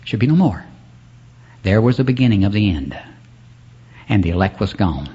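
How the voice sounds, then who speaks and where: Husky-voiced male preacher, rambling sermon with congregation call-outs, muffled cassette sound. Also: fairly low pitch, big pitch swings, normal speed, dark tone. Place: church service. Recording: dull lo-fi cassette recording.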